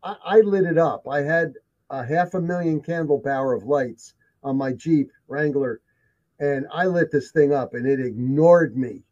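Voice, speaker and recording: A man's voice: a little high, normal speed, darkish tone. A man telling his encounter stories in casual conversation, emphatic and repeating himself for effect. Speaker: guest telling of sightings. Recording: dull lo-fi sound.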